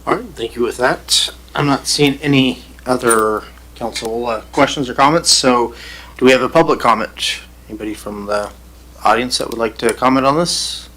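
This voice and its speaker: A man, the mayor, chairing a city council meeting in a brisk, procedural way. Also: mid-range voice, pushed and bright, rough recording. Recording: government meeting broadcast.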